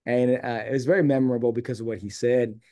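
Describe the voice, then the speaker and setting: This guest from San Diego talks fast in a medium-pitched voice. On the interview show he relaxes into a lengthy personal tale, animatedly performing each quoted line.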